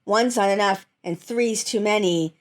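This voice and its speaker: A woman's voice: mid-range voice, unhurried. A woman hosting a casual reaction chat about fan memes, talking animatedly and often breaking into laughter. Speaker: host reviewing fan memes.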